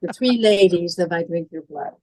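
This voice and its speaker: A woman's voice: on the low side, moderate pace, a little mellow, low-quality recording. A woman in her seventies from the Midwest with a Midwestern American accent and polished, stage-trained diction, chatting as a guest in a podcast interview. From Illinois, US Midwest. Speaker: guest, horror film actress.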